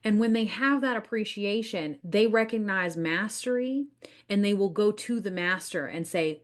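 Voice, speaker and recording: A woman's voice: mid-range voice, moderate pace. A woman with a Southern US accent hosting a business podcast, speaking confidently and emphatically about marketing and acting out what clients say. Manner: confident, emphatic, acts out clients in quoted voices. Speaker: podcast host, business coach.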